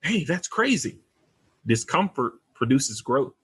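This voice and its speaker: A man, a podcast host giving an animated, motivational talk that calls out to listeners as y'all. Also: medium pitch, slow, breathy edge. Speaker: podcast host and real estate investor.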